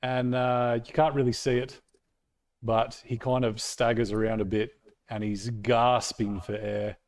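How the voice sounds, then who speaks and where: A man running a tabletop role-playing game as game master, calmly describing what happens. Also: mid-range voice, unhurried. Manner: calm, matter-of-fact narration.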